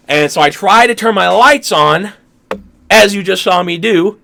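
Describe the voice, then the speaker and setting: A man's voice: high voice, very animated, moderate pace, gravelly, bright, forceful tone. A young man co-hosting a podcast, telling a dream in casual chat, rambling and laughing often. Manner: rambling, laughs often, acts out his own reactions. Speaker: podcast co-host.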